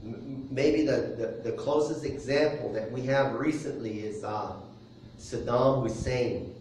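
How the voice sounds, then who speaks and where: Man preaching slow and steady, lots of echo, mic kinda far off. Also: mid-range voice, a little hiss or hum. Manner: measured preaching with soft chuckles. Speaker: pastor. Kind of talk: sermon. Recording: very echoey room, distant mic.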